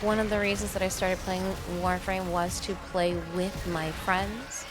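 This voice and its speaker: A woman's voice: mid-range voice, level tone, measured pace, music in the background. A woman streaming a game live, chatting in a bubbly, apologetic way with her viewers. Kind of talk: casual live-stream chat.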